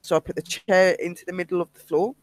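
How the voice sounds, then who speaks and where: A British man and paranormal investigator, casually telling a ghost story in an animated way and acting out the quotes. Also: sits high, fast, no echo.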